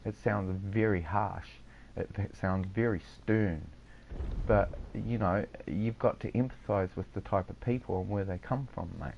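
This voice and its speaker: A man's voice: fairly low pitch, unhurried, creaky, dull audio, slight background noise. A man with a New Zealand accent chatting casually over game voice chat, handing out easygoing advice and calling people mate. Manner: laid-back, advice-giving, says "mate" a lot. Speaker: gamer chatting with other players.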